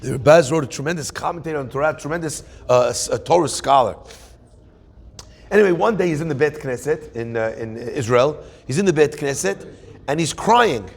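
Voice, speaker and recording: A man, a rabbi giving a weekly Torah class, telling stories in an animated way and acting out quoted voices. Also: on the high side, fairly quick, creaky.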